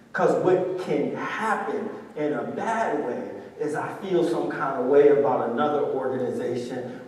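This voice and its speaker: A man's voice: on the high side, a little hiss or hum. Storytelling man in an echoey hall. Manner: storytelling, animated, call-and-response with crowd. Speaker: motivational speaker. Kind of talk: live talk to a student audience. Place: large hall with audience. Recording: echoey hall recorded from far off.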